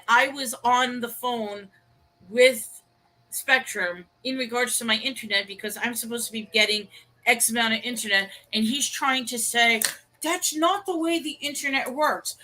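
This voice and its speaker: Bright-voiced chatty woman on a call. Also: fairly high pitch, low-quality recording. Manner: chatty, storytelling, laughs easily. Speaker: co-host. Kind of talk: casual chat. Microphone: video call.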